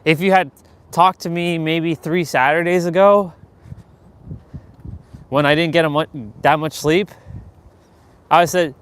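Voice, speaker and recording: A man with a voice pitched a touch above the usual talks straight to his viewers in a loose motivational monologue. He is blunt and swears freely, and now and then he slips into quoted bits of everyday small talk. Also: fairly even intonation, measured pace, pauses often, fairly bright tone, clean tone, dry recording. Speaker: host of a daily motivational live stream.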